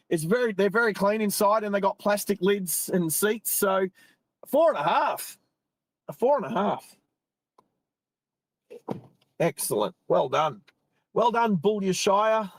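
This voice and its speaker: A man's voice: high voice, a little slow, pauses often, no room sound. A middle-aged Australian man chatting casually on a live stream from a parked car on an outback roadside, rambling and cutting himself off mid-thought. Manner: chatty, rambling, self-interrupting. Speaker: live-stream driving host.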